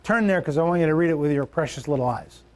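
High-voiced guy preaching, punchy, says stuff twice for emphasis. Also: quick pace, a little mellow. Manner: emphatic, repeats key phrases, shifts pitch for stress. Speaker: pastor. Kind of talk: sermon.

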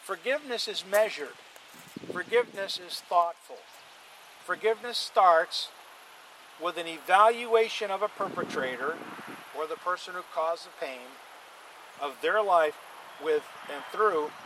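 A male pastor delivering a sermon in a high, bright voice. He leans hard on key lines, repeats them for weight, and draws the congregation in. A faint hiss of noise sits underneath. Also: measured pace, long pauses, poor audio. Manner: emphatic, repeats lines for stress, calls on the congregation.

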